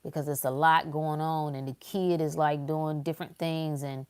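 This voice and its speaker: A woman talks to her livestream audience in a casual motivational style. Her voice sits lower than most, and she preaches with emphatic repetition, circling back to each point. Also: steady tone, moderate pace, clean tone. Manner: emphatic and preachy, repeating phrases.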